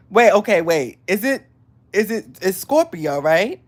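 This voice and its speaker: Excitable young woman streamer, low voice. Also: moderate pace. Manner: excitable, laughing and chatting with viewers. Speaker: livestream host. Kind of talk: casual livestream chat.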